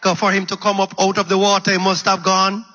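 A man preaching a sermon in a church, calling out to the congregation and repeating his points for emphasis, with a husky voice. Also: high voice, completely flat delivery, a little fast, bright, forceful tone, dull audio. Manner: call-and-response preaching, repeating lines for emphasis. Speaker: pastor. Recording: live sermon in a reverberant hall with faint music.

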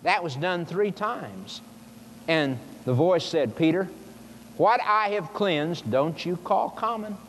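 A man's voice: sits high, animated, slow pace, fairly bright tone. A man preaching a sermon, explaining scripture with emphatic rhetorical questions put to his listeners. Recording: long hall reverb, faint noise.

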